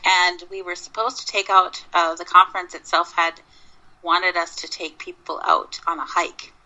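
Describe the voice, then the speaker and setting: A woman from Minnesota with a bright, gravelly voice that sits a little low. She tells long stories in a relaxed interview, circling back with restarts and fillers as she goes. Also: moderate pace, poor audio. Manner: rambling, with many restarts and fillers. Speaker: Bigfoot researcher guest. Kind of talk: casual interview storytelling.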